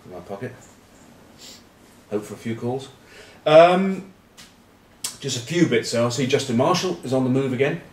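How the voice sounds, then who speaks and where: A man's voice: medium pitch, expressive, moderate pace, long pauses. A man, rambling wryly and cheekily in casual rugby chat to camera. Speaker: rugby pundit and vlog host. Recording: roomy echo, distant mic.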